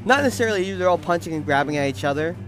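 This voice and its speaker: A man narrating a tabletop game as its game master, loose and casual, with quick jokes. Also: on the high side, expressive, music in the background.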